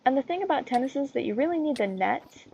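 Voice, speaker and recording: A woman's voice: high voice, animated, fast, vocal fry, muffled recording. Rambling teenage girl ranting. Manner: rambling, full of fillers and tangents. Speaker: vlogger. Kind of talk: casual rant. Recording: loud background noise and clicks.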